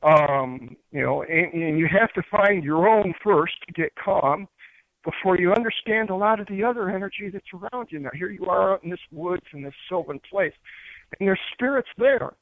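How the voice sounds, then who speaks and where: A man's voice: high-pitched, moderate pace, vocal fry, dry recording. A man from upstate New York, a spiritual teacher and guest, explaining crystals and spirits in an earnest, rambling way full of fillers and restarts. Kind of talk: casual spiritual teaching talk. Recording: dry, tinny phone-line sound.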